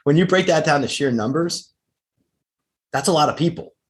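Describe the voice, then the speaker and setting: A middle-aged man hosting a podcast, eager and enthusiastic, quick to affirm his guest. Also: a little high. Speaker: podcast host. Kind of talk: podcast interview talk.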